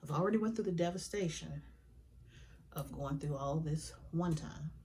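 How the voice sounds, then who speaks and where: Heartfelt woman telling her story, lowish voice. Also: poor audio. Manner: heartfelt and conversational, with colloquial Southern-style grammar; sometimes drops to a hushed whisper. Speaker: vlogger. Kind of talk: personal storytelling. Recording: noticeable background noise.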